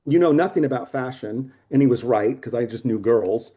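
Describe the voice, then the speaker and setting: A man in his sixties telling stories of his career as a photographer in a casual interview, lively, swearing, acting out the people he quotes. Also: mid-range voice, a little fast. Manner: animated, swearing storyteller who acts out quotes. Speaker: photographer guest.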